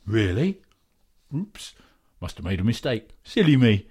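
A man's voice: on the low side, big pitch swings, unhurried, darkish tone, husky, heavily acted. An actor playing a teasing male friend putting on a northern English accent, mock-innocent. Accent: put-on northern English.

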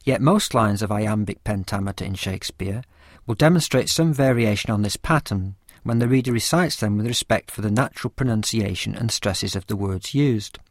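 A man reading a scripted lesson with a measured, careful explanatory delivery. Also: on the low side, dry recording, studio quality. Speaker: teacher of poetry. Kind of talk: scripted lecture narration.

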